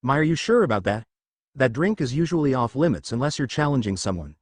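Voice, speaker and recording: Man voicing a teasing young barmaid, lively lilt. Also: mid-range voice, fast talker, dry recording.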